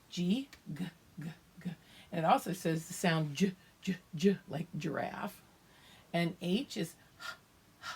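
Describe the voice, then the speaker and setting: Older woman as a preschool teacher, unhurried and patient, lowish voice, light background hiss. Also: a little mellow. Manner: slow, patient, sounding out letters. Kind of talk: remote phonics lesson for young children.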